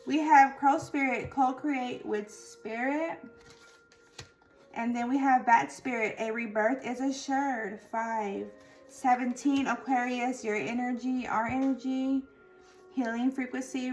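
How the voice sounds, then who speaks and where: A woman doing a tarot and oracle card reading, reading card meanings aloud and often dropping to a soft murmur. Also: a little high, noisy background. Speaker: tarot reader.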